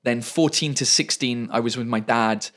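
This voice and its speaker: Lively English man in his thirties. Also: medium pitch, moderate pace. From England. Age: 30s. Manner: fluent, lively, repeats words when searching. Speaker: guest comedian. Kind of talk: casual interview chat.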